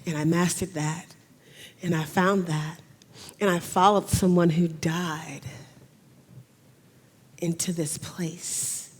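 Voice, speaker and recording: A woman giving an emotional talk on camera, speaking in a halting way and often restarting her sentences. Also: on the low side, fairly even intonation. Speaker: speaker at a talk on remote viewing. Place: in front of a camera.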